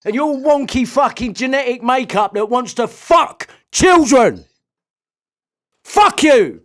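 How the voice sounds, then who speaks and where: A man in an angry, sweary rant, shouting threats and insults. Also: very high voice, sing-song, slow pace.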